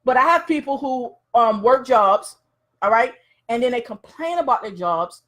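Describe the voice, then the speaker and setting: A woman coach with a high voice gives a motivational talk in loose, everyday speech. She tells stories in a chatty, colloquial manner and keeps checking in with her listeners. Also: expressive, moderate pace, a bit bright. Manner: casual, colloquial, storytelling. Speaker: life and business coach.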